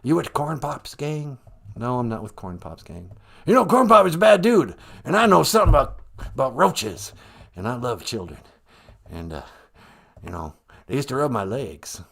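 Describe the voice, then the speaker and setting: A man's voice: mid-range voice, sing-song, normal speed, creaky, fairly bright tone, full character voice. A man putting on the voice of a rambling, whispering elderly male president in a whispered role-play.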